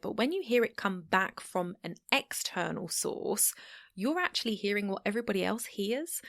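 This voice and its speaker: A woman's voice: mid-range voice, a bit bright, no room sound, clean studio sound. A woman hosting a solo podcast, talking straight to the listener in a chatty, encouraging way. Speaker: podcast host. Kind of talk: solo podcast advice talk.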